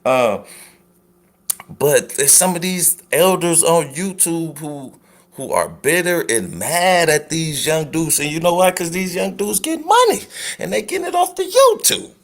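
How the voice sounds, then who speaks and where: A man's voice: a little high, very animated, a little slow. A man hosting a live stream at home, giving casual reaction commentary with rambling, apologetic asides and laughter.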